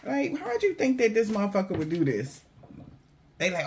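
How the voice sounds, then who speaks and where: Brief: man, somewhat higher voice, blunt and profane spiritual reader, mocks the people he talks about. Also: huge pitch swings, fairly quick, a little hiss or hum. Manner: blunt, profane, mocking, slangy. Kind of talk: casual intuitive reading to viewers.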